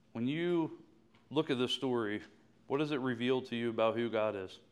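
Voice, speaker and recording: A man's voice: medium pitch, clear, resonant tone. A man preaching a sermon, closing with an impassioned prayer. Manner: impassioned, rising to fervent prayer. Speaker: pastor.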